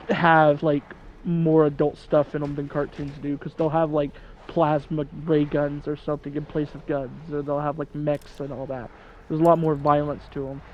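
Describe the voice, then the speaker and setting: With a fairly high pitch, a young man in his twenties rambles through relaxed let's-play commentary for his gaming channel, laughing at his own humor. The audio is dull, with a little hiss or hum.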